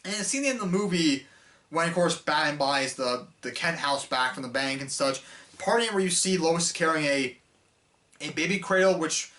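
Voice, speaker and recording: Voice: medium pitch, normal speed, a bit bright. A film reviewer talking casually in an unscripted rant, rambling and exasperated, with lots of fillers and restarts.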